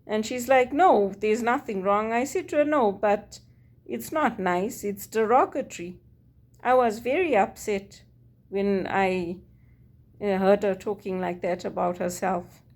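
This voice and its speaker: A woman's voice: medium pitch, darkish tone. A woman from Zimbabwe, speaking in a personal monologue, earnest and weary as she recounts her experiences and quotes others. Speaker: vlogger.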